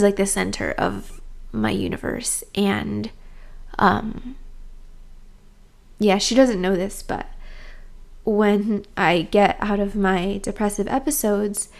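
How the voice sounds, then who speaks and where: A young woman speaking straight to her audience in a personal vlog, unhurried and a little gravelly. Her tone is soft and open-hearted, and her sentences are loose and full of "um" and "like". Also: mid-range voice, animated. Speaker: vlogger. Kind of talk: candid personal vlog talk.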